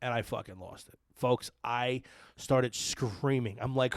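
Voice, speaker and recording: A man hosting a podcast, loud, excitable and cursing freely in casual chat. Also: medium pitch, a little slow, dry recording, clean studio sound. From New Jersey. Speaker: podcast host.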